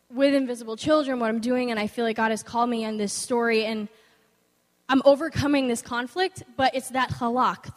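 A young woman giving an informal, earnest devotional talk, weaving in a personal story, in a conversational manner. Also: a little high. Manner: earnest, conversational, animated when quoting others. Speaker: speaker sharing a devotional. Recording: long hall reverb.

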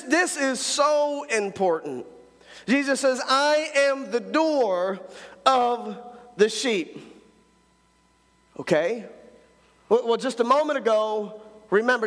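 Male pastor preaching hard, really high voice, lots of stumbly repeats, big reverby church. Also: a bit bright. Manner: fervent preaching, stammered repeats. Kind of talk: sermon. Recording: long hall reverb.

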